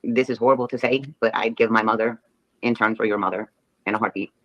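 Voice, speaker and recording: A woman's voice: very deep voice, fairly even intonation, quick pace, muffled recording. A woman livestreamer talking casually, rambling through an earnest apology.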